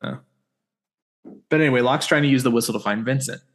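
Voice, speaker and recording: A man's voice: mid-range voice, fast. A man co-hosting a podcast, recapping a TV episode in casual chat with sarcastic asides. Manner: wry, sarcastic asides while summarizing.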